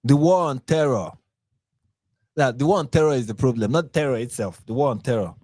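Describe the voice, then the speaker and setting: Man, Nigerian accent, live commentary, sarcastic, rambling, middle pitch, dry close recording. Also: fairly quick, darkish tone, no room sound. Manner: sarcastic, mocking; rambling with restarts and repeats. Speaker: channel host. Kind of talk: live commentary reacting to posts.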